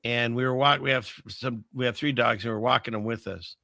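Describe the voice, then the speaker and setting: A man's voice: mid-range voice, steady tone, brisk, gravelly, pushed and bright, dry recording. A man hosting a show, telling a story in an earnest, conversational way. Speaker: podcast host. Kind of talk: casual conversation.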